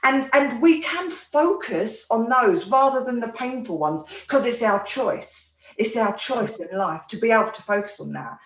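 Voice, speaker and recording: A woman, a therapist telling a personal story in an earnest, soft-spoken way, often restarting her sentences. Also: fairly high pitch, lively intonation, a little slow, hardly any pauses. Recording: roomy echo, mic at a distance.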